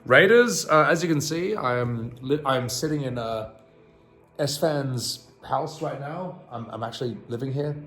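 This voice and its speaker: A man's voice: medium pitch, moderate pace, a bit bright, faint music behind. A man reading fairy tales aloud on a live stream outdoors in a backyard at night, breaking off into profane, laughing asides. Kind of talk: casual storytelling on a live stream.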